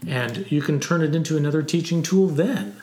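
A man co-hosting a Christian parenting podcast, giving gentle, practical encouragement to parents. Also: on the high side, expressive, fairly quick. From United States. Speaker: co-host. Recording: roomy echo.

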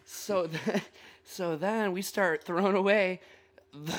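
A man's voice: sits high, slow, a little hiss or hum. Rambling, laughing young man telling a story. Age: young adult. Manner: rambling, profane, laughing often. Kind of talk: casual storytelling among friends.

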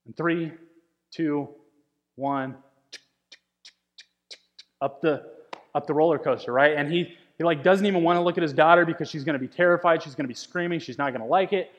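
A man's voice: a little high, normal speed, long pauses, muffled recording. Man preaching in a reverberant hall. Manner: conversational, repeats words, builds to emphatic peaks. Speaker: pastor. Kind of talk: sermon.

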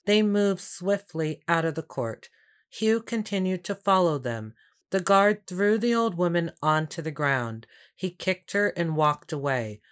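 Slow, low-voiced woman storyteller. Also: animated, clean tone. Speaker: narrator. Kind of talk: scripted storybook narration.

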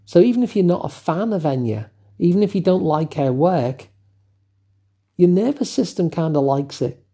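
An older man with an English accent, talking gently and thoughtfully as host of his own show, musing with asides. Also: high-pitched, animated, moderate pace, husky. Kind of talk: reflective solo talk.

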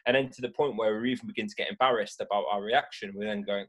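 Husky man explaining brain science. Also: fairly low pitch, quick pace. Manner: lively, acts out brain reactions with gasps and voices. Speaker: mindfulness speaker. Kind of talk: animated explanatory talk.

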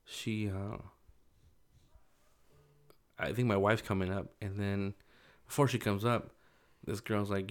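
A man's voice: on the low side, level tone, slow, pauses often. A young man casually telling a personal story, loose and rambling, full of fillers.

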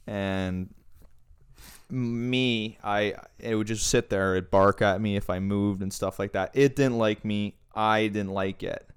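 A young man with a lowish voice chats on a podcast, ranting crudely and swearing freely as he tells a story. His tone stays smooth and clear, and he often gets heated between laid-back stretches. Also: steady tone, takes it slowly. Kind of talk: casual chat.

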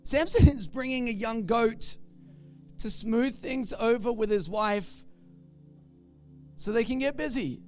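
A man's voice: extremely high pitch, fairly bright tone. A man preaching a sermon in a conversational, joking storytelling manner.

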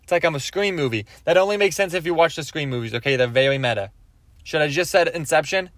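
Young male podcast host, fairly high voice, rambling and self-interrupting, dry booth sound. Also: fast talker, a bit bright, no echo. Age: 20s. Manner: rambling, self-interrupting, asks "okay?" often. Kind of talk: rambling comedic monologue.

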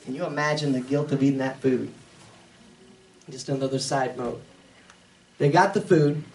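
A man's voice: medium pitch, normal speed, recorded from a distance, a little hiss or hum, poor audio. A man as a pastor, teaching a Bible passage verse by verse in a conversational way, with chuckling side remarks. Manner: conversational, chuckling asides between readings.

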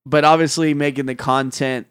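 A man co-hosting a podcast who produces music, talking casually in a thoughtful, measured way. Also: mid-range voice, steady tone, fairly bright tone, smooth, no echo, clean studio sound. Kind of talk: casual chat.

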